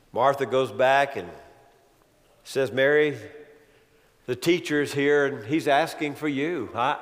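Male pastor preaching in a reverberant sanctuary. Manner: dynamic preaching, swinging from loud emphatic build-ups to quiet low asides. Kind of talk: sermon.

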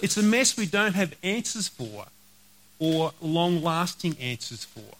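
A man preaching a sermon, earnest, slowing to read scripture and repeating key phrases. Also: fairly high pitch, very animated, a bit bright, rough recording. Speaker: pastor.

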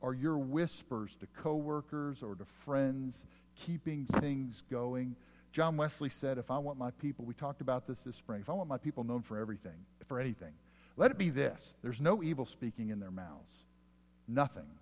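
A man preaching a sermon as pastor, telling a story with animated rises and soft, slow drops. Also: mid-range voice. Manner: animated storyteller, rising loud for punchlines, then dropping soft and slow. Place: church sanctuary. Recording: long hall reverb.

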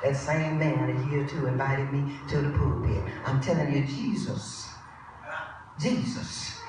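A woman preacher delivering a sermon with impassioned delivery, dropping to a hush and rising to shouts, in a large church. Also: rumbling low, fairly even intonation, unhurried, a little hiss or hum. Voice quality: impassioned, swings from hushed to shouted. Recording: echoey church hall from far off.

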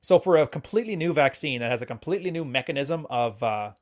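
A man's voice: medium pitch, expressive. A man co-hosting a podcast, talking in casual chat with blunt, joking opinions. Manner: speaks quickly in long runs. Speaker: podcast co-host.

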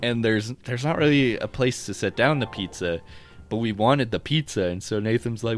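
Excitable man, lively swearing podcast chatter. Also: medium pitch, fairly quick. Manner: excitable, swears, laughs often while telling stories. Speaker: podcast co-host. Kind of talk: casual chat.

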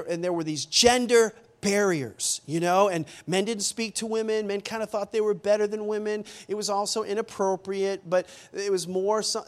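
A man preaching a sermon as a pastor, animated and acting out the people in the story. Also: high voice. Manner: animated, acts out quoted voices.

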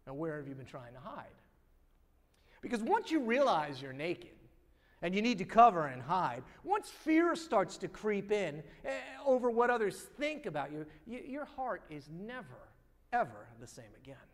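High-voiced male pastor in a reverberant hall. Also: big pitch swings, moderate pace. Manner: storytelling, builds to repeated rhetorical questions. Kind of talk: sermon. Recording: long reverb of a large hall.

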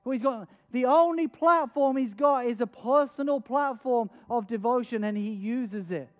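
High-voiced man preaching a sermon. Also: moderate pace. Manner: earnest, repeats words when stressing a point; dramatic, acts out scenes with raised voice.

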